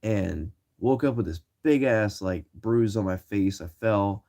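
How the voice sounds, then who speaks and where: Low mellow-voiced young man, slangy. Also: measured pace. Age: 20s. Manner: slangy, rambling, many fillers and restarts. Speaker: vlogger. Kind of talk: casual storytelling to camera.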